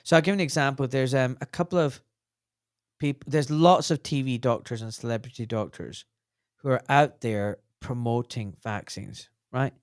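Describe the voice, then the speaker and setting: A man in his forties talks as a doctor on a casual podcast. He tells his stories bluntly and with energy, swearing without a second thought. His mid-pitched voice sits close and dry on the mic. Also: normal speed, no echo. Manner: blunt, animated storyteller who swears freely.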